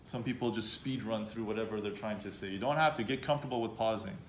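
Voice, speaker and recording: A man's voice: on the low side, fast talker, noisy background. A man coaching university students on confident speaking at a live workshop, talking directly and acting out hesitant speakers. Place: event room with students. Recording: echoey room with faint background ambience.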